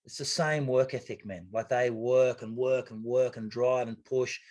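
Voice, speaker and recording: An Australian man telling an anecdote in a casual interview, animated and acting out the voices of others, with the odd swear word. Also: medium pitch, normal speed. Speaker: guest, retired triathlete.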